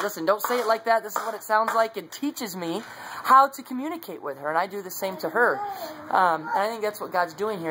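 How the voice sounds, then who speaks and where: A man's voice: a little high, background noise. A man sharing his faith in a casual devotional talk, earnest and conversational, recorded on a phone. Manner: earnest, conversational, many fillers.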